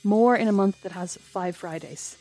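A woman's voice: medium pitch, moderate pace, mellow, soft background music. A young adult woman, co-hosting a casual chat and telling self-mocking stories. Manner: chatty, self-mocking storyteller. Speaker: podcast co-host.

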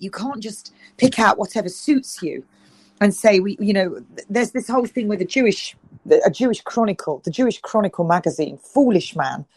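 A middle-aged British woman speaks as an interview guest, her mid-range voice slightly mellow. She talks with passion and emphasis, often restarting sentences and repeating herself. The recording is rough but has no echo.

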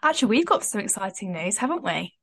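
A woman's voice: medium pitch, very animated, fast, a bit bright, breathy edge. A young woman co-hosting a podcast, chatting casually in a bubbly way and laughing often. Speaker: podcast co-host. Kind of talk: casual chat.

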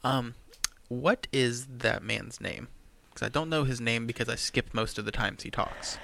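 A man's voice: medium pitch, unhurried, creaky, sharp tone, a little hiss or hum. A young man from the United States co-hosting a podcast, ranting sarcastically in casual chat. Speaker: podcast co-host.

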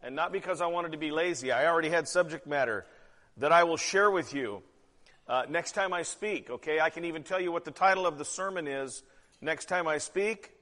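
A man's voice: fairly high pitch, fairly quick, sharp tone. A man preaching a sermon as pastor, candid and conversational, with emphatic asides. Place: church hall. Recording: church hall with long reverb.

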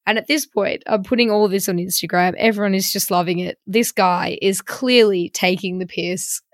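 A chatty young woman hosts a casual podcast and tells her story with wry humour. She reads messages aloud in a mock-dramatic voice, at a middling pitch. The sound is close and dry, with no room around her. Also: steady tone, normal speed, dry recording. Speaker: podcast host.

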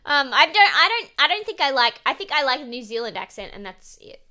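A woman's voice: high-pitched, very animated, a little fast, sharp tone. A young woman co-hosting a podcast, chatting casually and animatedly, laughing often and acting out quotes. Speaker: podcast co-host. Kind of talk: casual chat recapping a reality show.

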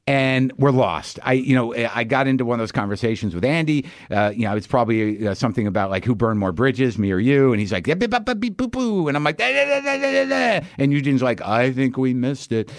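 A man telling a road-trip tale on a podcast in an animated rush, swearing freely and jumping into other people's voices. His voice sits at an everyday middle pitch. The sound is dry and close, with no room in it. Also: brisk, dry recording. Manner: animated storyteller, swearing, acting out others' lines. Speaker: podcast host. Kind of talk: casual storytelling chat.

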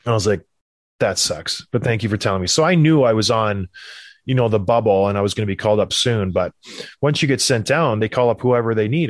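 A middle-aged man from Canada, a former hockey player, telling a rambling, animated anecdote in a casual way, quoting the people in it. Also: on the low side, no room sound. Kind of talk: casual storytelling.

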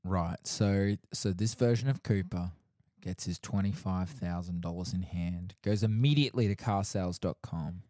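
A man co-hosting a casual podcast, teasing his partner with deadpan interjections. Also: low voice, normal speed, no room sound, clean studio sound. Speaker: podcast co-host.

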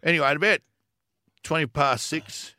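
A man's voice: a little high, moderate pace, bright, forceful tone, no room sound, studio quality. A man with an Australian accent, co-hosting a podcast and telling a story in casual chat, laughing often and doing quoted voices. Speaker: podcast co-host.

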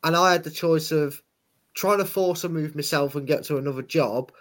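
A man's voice: on the high side, normal speed, fairly bright tone. A man co-hosting a football podcast, chatty and sarcastic, laughing as he tells stories. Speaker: podcast co-host. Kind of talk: casual football chat.

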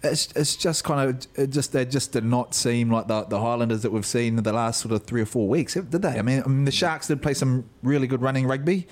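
A man's voice: mid-range voice, fairly quick, few pauses, darkish tone. A man co-hosting a podcast, talking in an easygoing way and laughing readily. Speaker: podcast co-host. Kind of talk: casual chat.

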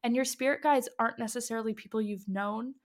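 Her voice a little high, steady and fast, a young medium who also guides past life regressions talks chattily on a podcast. She fills her speech with fillers and performs the lines she quotes.

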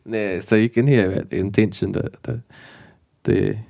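A man with a New Zealand accent teaching te reo Māori in a casual, playful lesson, mixing Māori and English with lively exclamations. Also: lowish voice, a little fast, creaky.

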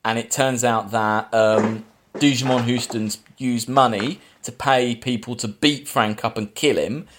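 A man's voice: mid-range voice, steady tone, unhurried, a little hiss or hum. Man, podcast host, rambly casual film recap. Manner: rambling plot recap with fillers and restarts. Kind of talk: casual film review chat.

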